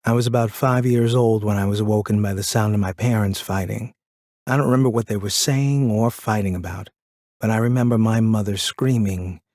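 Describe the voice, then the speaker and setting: Low-voiced male audiobook narrator. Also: a little mellow, dry recording, studio quality. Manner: measured, reflective first-person telling.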